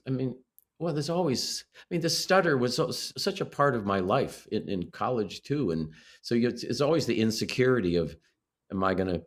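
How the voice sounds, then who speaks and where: Older guy from illinois, lowish voice, keeps restarting his sentences, chatty interview guest. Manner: halting, full of restarts and self-corrections. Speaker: guest actor. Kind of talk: casual interview chat.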